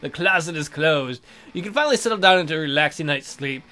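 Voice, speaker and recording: A young man hosting a let's play, reading game text aloud and adding sarcastic, profane commentary with sudden loud outbursts. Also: a little high, lively intonation, fast talker.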